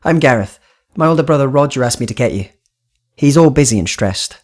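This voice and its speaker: A man voicing a slick, friendly young businessman in an audiobook, talking in breezy, quick salesman patter a little above his own pitch. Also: lively intonation, a little mellow, close to an everyday voice.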